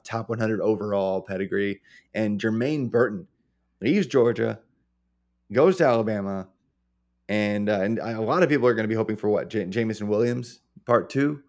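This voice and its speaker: A man's voice: fairly low pitch, darkish tone. A man co-hosting a sports podcast, analyzing players in a casual, hesitant way full of uhs and restarts. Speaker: podcast co-host.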